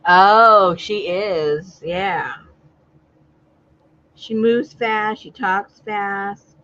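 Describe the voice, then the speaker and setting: A woman's voice: mid-range voice, extremely slow, a bit bright, dull audio. A woman hosting a casual crafting chat, talkative and teasing, laughing often. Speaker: crafting channel host.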